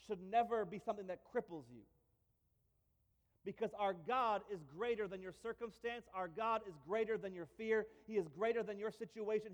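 High-voiced preacher in a reverberant hall. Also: male voice. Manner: emphatic, repetitive, with light humor. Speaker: pastor. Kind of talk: sermon. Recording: long reverb of a large hall.

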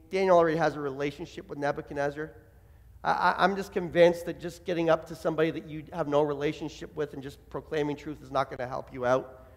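A man's voice: a little high, creaky, in a large hall. A man preaching a sermon as pastor, impassioned and acting out the voices he quotes.

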